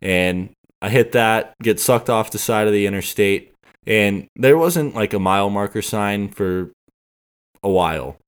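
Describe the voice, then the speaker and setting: A man with a fairly low voice tells a long story in casual podcast chat. He rambles along and acts out each exchange he remembers, speaking into a podcast microphone. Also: a little slow, smooth. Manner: rambling, acts out quoted dialogue.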